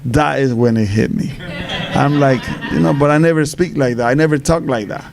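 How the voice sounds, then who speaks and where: Fielding fan questions at a live Q&A over crowd noise, a Panamanian man speaks haltingly in a creaky, medium-pitched voice. He repeats words and laughs between his answers.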